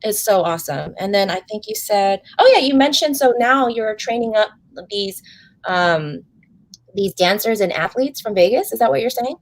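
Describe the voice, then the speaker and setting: A woman's voice: mid-range voice, animated, normal speed, dry recording. A woman hosting an interview show, talking with effusive, gushing enthusiasm and calling the audience "guys.". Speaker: host.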